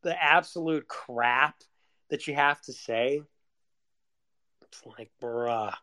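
A man's voice: medium pitch, takes it slowly, sharp tone, no echo, clean studio sound. Rambling, foul-mouthed young man venting. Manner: rambling, profane, self-deprecating. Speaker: vlogger. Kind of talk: casual confessional monologue.

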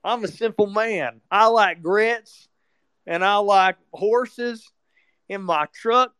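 A man voicing a dim-witted Southern yokel in a mocking, slow drawl. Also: sits high, bright, forceful tone, smooth, no room sound, exaggerated voice. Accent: mock Southern US drawl.

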